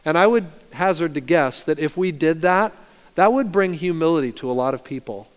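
A pastor preaching a sermon, animated storytelling that swings from loud to hushed. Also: male voice, a little high, fairly quick, clean tone. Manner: animated storytelling, rising loud and dropping soft. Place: church sanctuary. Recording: long reverb of a church hall.

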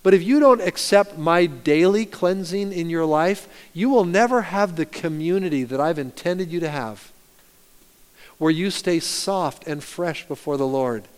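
A pastor preaching a sermon, animated storytelling that swings from loud to hushed. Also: male voice, a little high, measured pace, smooth. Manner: animated storytelling, rising loud and dropping soft. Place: church sanctuary. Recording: long reverb of a church hall.

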